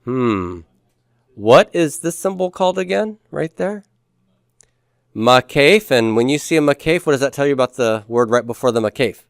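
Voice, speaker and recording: A man's voice: mid-range voice, animated, normal speed, clean tone, no echo, studio quality. Patient man teaching step by step. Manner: patient, asks questions and answers them himself. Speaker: Hebrew teacher. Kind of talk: homework review lesson.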